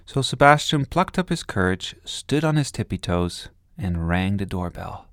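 Lively low-voiced man reading a storybook. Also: normal speed, few pauses, dry recording, studio quality. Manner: warm, expressive read-aloud narration.

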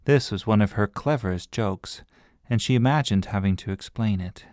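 A man reads a children's storybook aloud in a calm, gentle way. His voice is low, and the sound is dry and close with no room around it. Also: moderate pace, dry recording. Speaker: narrator.

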